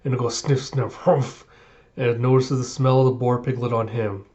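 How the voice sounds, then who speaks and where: A man's voice: medium pitch, steady tone, moderate pace, warm tone. Man recapping a comic, lo-fi. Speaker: manga reviewer. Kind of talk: casual reaction recap.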